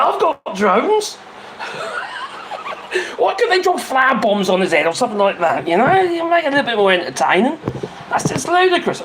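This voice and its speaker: A man's voice: high-pitched, fairly bright tone, a little hiss or hum, rough recording. A middle-aged man hosting a casual livestream, rambling, exclaiming and often laughing and swearing. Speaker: livestream host.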